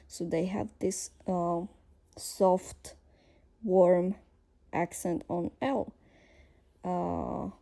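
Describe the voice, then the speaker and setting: A woman with a Slovak accent teaching a language lesson, explaining slowly with frequent fillers and pauses as she thinks aloud. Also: lowish voice, flat delivery, creaky, dark tone.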